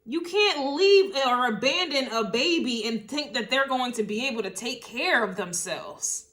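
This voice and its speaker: A woman reads tarot cards in a loose, casual monologue, her voice sitting a bit high. She sounds emotional and circles back over her words as she thinks aloud, now and then swearing. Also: animated, unhurried, fairly bright tone. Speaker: tarot reader.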